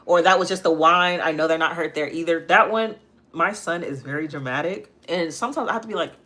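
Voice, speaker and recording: A woman's voice: fairly low pitch, animated, brisk, bright, forceful tone. A young woman hosting a live makeup tutorial at home, chatting casually and answering viewer comments as she works. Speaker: makeup vlogger and livestream host. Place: home, near a kitchen.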